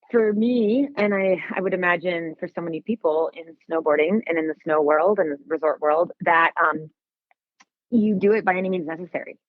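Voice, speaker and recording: A woman's voice: on the low side, dry recording. A woman photographer chatting as a podcast guest, rambling with many fillers and restarts. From United States. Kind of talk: casual podcast chat. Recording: tinny phone-like sound.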